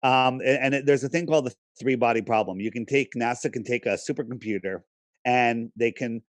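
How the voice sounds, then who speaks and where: A man's voice: mid-range voice, fairly quick, no room sound. Emphatic man arguing his case. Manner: emphatic, persuasive, argues with rhetorical questions. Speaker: podcast guest. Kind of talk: casual interview talk.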